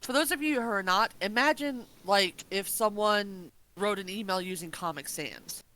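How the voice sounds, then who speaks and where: A bright, crisp voice on a casual review chat. The speaker giggles often and reacts with quick exclamations. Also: mid-range voice, low-quality recording. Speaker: podcast co-host.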